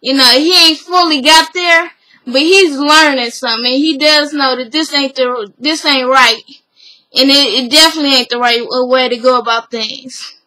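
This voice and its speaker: A woman's voice: high voice, normal speed, bright, forceful tone, poor audio. Chatty blunt young woman recapping. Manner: chatty, blunt, acts out quotes, swears freely. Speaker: vlogger recapping a TV episode. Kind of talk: casual recap chat.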